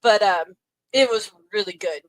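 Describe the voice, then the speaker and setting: A woman co-hosting a podcast in casual chat, upbeat and quick to laugh. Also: medium pitch, no room sound. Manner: chatty, laughs easily, upbeat. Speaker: podcast co-host.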